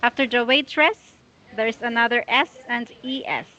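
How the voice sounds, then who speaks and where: A woman tutoring English one-on-one, patiently and slowly correcting a student's pronunciation. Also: fairly high pitch, sharp tone. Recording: dull lo-fi audio.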